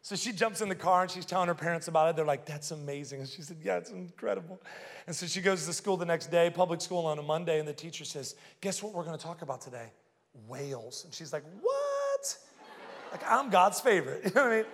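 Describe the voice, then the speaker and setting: High-voiced, fired-up man preaching in a hall. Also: fast. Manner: energetic, storytelling, calls for audience response. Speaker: pastor. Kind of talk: sermon. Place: church auditorium.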